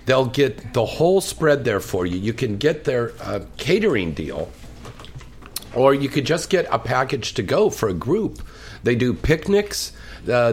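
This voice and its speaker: A man's voice: medium pitch, husky. A man hosting a live talk show, chatting eagerly and plugging a sponsor. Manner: animated, eager host who keeps plugging. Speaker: show host. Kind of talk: lively live talk show with on-air food plugs.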